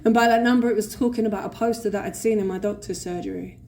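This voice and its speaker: A woman with a London accent telling her recovery story at a convention, blunt, swearing and animated. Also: mid-range voice, quick pace. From England. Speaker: recovery speaker. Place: convention hall stage. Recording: faint room noise at a convention.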